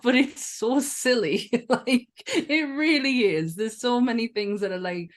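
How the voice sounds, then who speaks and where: Northern English woman in her thirties, podcast co-host, excitable, swears, laughs a lot. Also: fairly high pitch, unhurried. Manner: enthusiastic, swears freely, laughs often. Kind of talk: casual chat.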